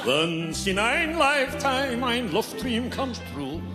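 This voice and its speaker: A man's voice: very high-pitched, very animated, slow, loud music behind the voice, heavily acted. An older man putting on a boastful, mock-romantic German male crooner with a put-on German accent, crooning and swooping hammily.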